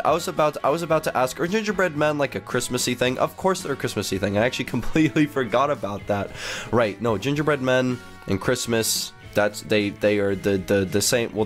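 A young man giving excitable game commentary, gasping and reacting as he plays. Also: on the high side. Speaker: gaming YouTuber.

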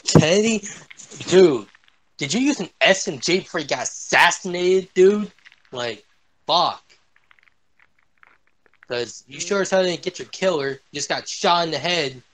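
A young man swearing and yelling his way through a shooter game as a gaming streamer. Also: on the high side. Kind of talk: angry gameplay commentary.

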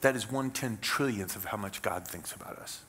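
A man's voice: on the low side, normal speed, fairly bright tone, a little hiss or hum. A middle-aged man from Kansas preaching a sermon as pastor, in a conversational, folksy way with wry jokes. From Kansas, USA. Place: church sanctuary.

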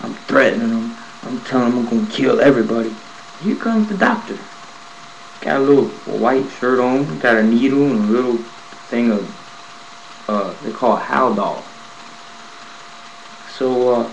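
A man casually telling a personal story to his viewers, animated and profane, acting out the scenes as he goes. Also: medium pitch, a little slow, gravelly, pauses often, slight background noise, rough recording. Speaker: vlogger telling a prison story.

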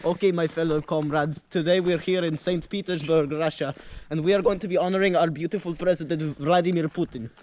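A man's voice: a little high, unhurried, long pauses, a little mellow. A young man playing a goofy tour guide with a fake Russian accent, hesitant and hamming it up, outdoors in the snow. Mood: hammy.

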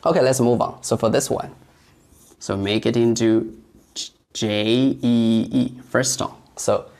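Casting: unhurried male tutor who explains patiently and demonstrates tones. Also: mid-range voice, steady tone, vocal fry, a little mellow. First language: Mandarin Chinese. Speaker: Mandarin teacher. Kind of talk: online language lesson.

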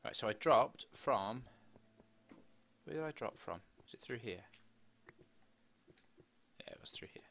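A middle-aged man provides casual let's-play commentary while gaming, using a desk microphone and face cam. His mid-range voice is unhurried with long pauses, chatty and rambling, though he bursts into excited squeals.

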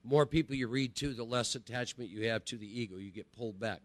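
In a fast, mid-range voice with fairly even intonation, a middle-aged recovery speaker chats with a group about spiritual recovery. He repeats phrases and often asks "right?" There's no room sound.

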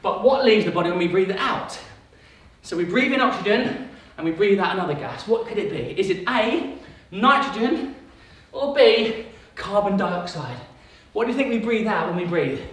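Upbeat coach in a very echoey room. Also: male voice, very high voice, fairly bright tone. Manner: upbeat, encouraging, calls countdowns and cues. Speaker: fitness coach. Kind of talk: kids workout instruction with quiz. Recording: very echoey room, mic far off.

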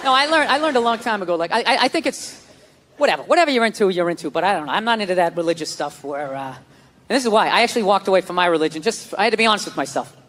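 A man doing a stand-up comedy rant with profane, exasperated delivery and bursts of shouting, on a live stage in front of a loud audience. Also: sits high, lively intonation, racing, in a large hall, a little hiss or hum.

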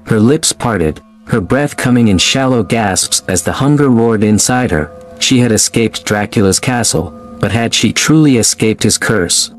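A man narrating a scripted horror story in a measured, dramatic way. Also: on the low side. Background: faint music.

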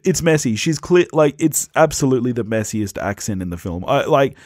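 Man, podcast co-host, lively voice, blunt and laughing, dry close sound. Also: mid-range voice, fairly quick, no room sound. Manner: animated and blunt, laughing easily. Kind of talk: casual film review chat.

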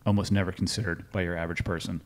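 A man's voice: low-pitched, flat delivery, rapid-fire. A male podcast host with a military background, talking casually and reflectively and using analogies.

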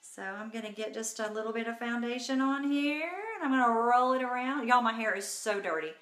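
A woman's voice: a little high, brisk, fairly bright tone, reverberant. Bubbly woman chatting on a phone. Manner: chatty and bubbly, talks to viewers by name. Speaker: makeup tutorial host. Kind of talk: casual live makeup tutorial.

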